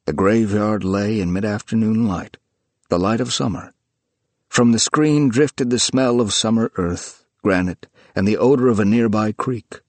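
A man reading a story in measured, descriptive scripted narration. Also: lowish voice, a little mellow, no room sound.

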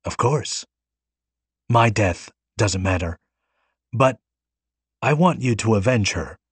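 A man reading as a gentle, poor painter. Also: lowish voice, animated, slow pace, husky, no room sound, exaggerated voice. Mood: earnest.

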